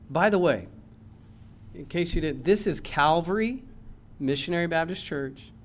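A man preaching a sermon in a church, impassioned, swinging from loud emphasis to low earnest tones. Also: expressive, unhurried, long pauses. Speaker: pastor.

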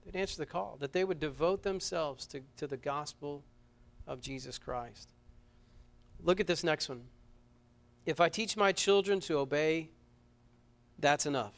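A man delivers a sermon at a church service in a slightly high voice. He speaks with earnest conviction, doubling back on his words. He climbs to loud, urgent peaks, then drops to a hushed, close tone. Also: measured pace, long pauses. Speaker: pastor.

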